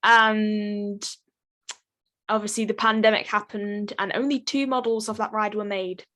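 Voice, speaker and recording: A woman's voice: medium pitch, steady tone, unhurried, fairly bright tone. A young woman, chatting as an interview guest, with a lot of ums and giggles. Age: young adult. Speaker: guest voice actress. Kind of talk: casual interview chat. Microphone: headphone mic.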